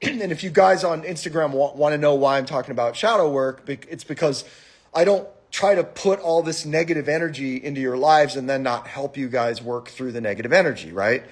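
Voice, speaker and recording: Man, husky voice, fairly high, profane, animated, casual live stream monologue. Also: brisk.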